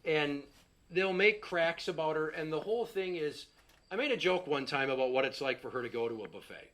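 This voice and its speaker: Middle-aged dude doing stand-up, cussing, exasperated, bright kinda high voice. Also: male voice, animated, fairly quick. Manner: profane, exasperated storytelling with acted-out quotes. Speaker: stand-up comedian. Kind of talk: stand-up comedy set.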